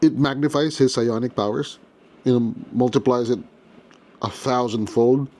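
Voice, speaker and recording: A man's voice: mid-range voice, steady tone, moderate pace, dark tone. A man hosting a casual toy unboxing, chatty and playful with jokes as he goes. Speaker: toy collector host.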